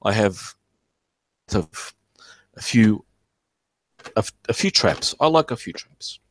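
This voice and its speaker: A man chatting casually on a stream, pausing often to search for words. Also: lowish voice, expressive. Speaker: stream participant. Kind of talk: casual chat.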